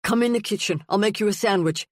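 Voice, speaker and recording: A woman's voice: medium pitch, fast talker, no room sound, studio quality, pitched above the performer's own voice, natural voice. A woman reading a worried, relieved middle-aged father in an audiobook, firing off urgent questions. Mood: relieved, caring.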